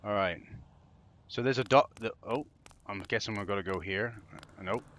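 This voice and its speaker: A man's voice: on the low side, moderate pace, fairly bright tone, slight background noise. A young man giving casual gameplay commentary, sarcastic and exasperated, swearing freely as he plays. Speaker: game commentator.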